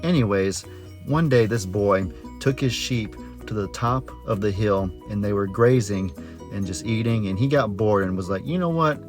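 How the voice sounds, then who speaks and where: A man's voice: on the low side, normal speed, darkish tone, soft background music. A man who is a farmer vlogger, telling a story in a chatty, folksy way with frequent self-corrections. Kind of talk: casual storytelling vlog.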